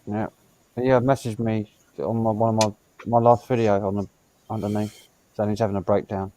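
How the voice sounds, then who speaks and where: A man's voice: on the low side, little pitch movement, warm tone, slight background noise. Hesitant man chatting on stream. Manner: halting, hesitant, many fillers. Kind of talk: casual banter.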